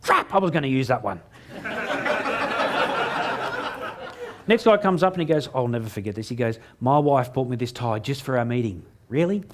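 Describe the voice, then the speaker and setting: A man's voice: mid-range voice, lively intonation, unhurried, pauses often, fairly bright tone, a little hiss or hum. A middle-aged Australian man giving a humorous talk on stage, telling a story and acting out the dialogue in a self-mocking way. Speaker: motivational speaker.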